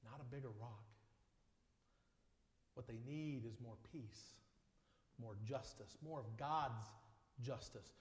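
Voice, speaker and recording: A male pastor delivering a sermon in measured phrases, building on repeated lines and often dropping to a soft voice. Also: medium pitch. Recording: echoey hall with long reverb.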